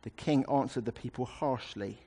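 A man's voice: medium pitch, moderate pace, dark tone, breathy edge. A man preaching a sermon, explaining a scripture passage in a conversational way with wry asides.

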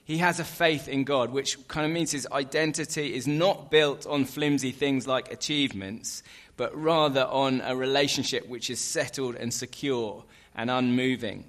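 A man preaching a sermon in a relaxed, conversational way, with fillers and light asides. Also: medium pitch, normal speed.

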